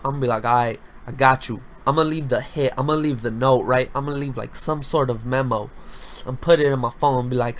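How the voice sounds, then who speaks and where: A young man hosting a casual solo podcast, talking loudly with lots of slang and swearing, jumping between high-pitched bursts and low mutters. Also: slight background noise. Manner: loud, animated, slangy, swears freely. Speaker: podcast host.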